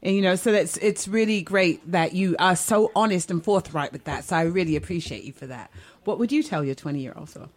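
A woman's voice: fairly low pitch, brisk. A woman hosting a radio talk show who interviews her guests in an encouraging way. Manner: encouraging, asks questions.

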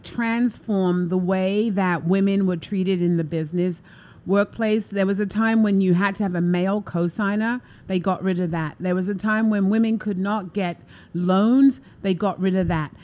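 A woman hosting a casual live-stream talk show, gushing and chatty as she talks to her viewers. Her voice sits at an ordinary middle pitch, and she keeps everything upbeat and enthusiastic. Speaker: show host. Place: New York City.

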